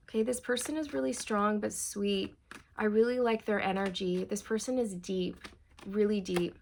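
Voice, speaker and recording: A woman reads tarot cards and passes on channeled messages to her viewers. Her voice is mid-pitched with a gravelly fry. She talks in a loose, meandering way and keeps reassuring her listeners. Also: steady tone, moderate pace, darkish tone, a little hiss or hum. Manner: meandering, reassuring, addresses viewers as you guys. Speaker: tarot reader.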